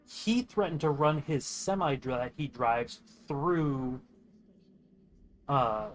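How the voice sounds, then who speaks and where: A man's voice: medium pitch, slight background noise, poor audio. A young man streaming games and telling a long rambling story in a casual, profane way, quoting others as he goes. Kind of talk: casual storytelling while gaming.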